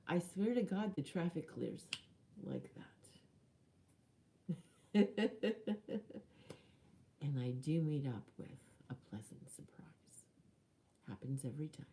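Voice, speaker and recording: Woman, low voice, mellow tone, motivational talk, chatty, earnest, whispered emphasis. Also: lively intonation, slow pace, pauses often. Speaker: spiritual life coach.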